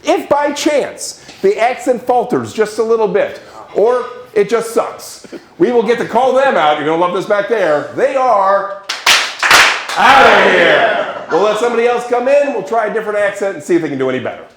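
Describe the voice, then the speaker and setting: A man hosting a live improv show, lively and joking with the audience. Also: high-pitched, brisk, slight background noise. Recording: echoey room.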